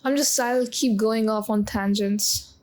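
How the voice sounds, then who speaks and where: A woman in her twenties talking in a confessional vlog, halting with many pauses and close to tears. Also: on the high side, fairly even intonation, a little mellow, rough recording. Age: 20s. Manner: halting, full of pauses and restarts. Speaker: vlogger.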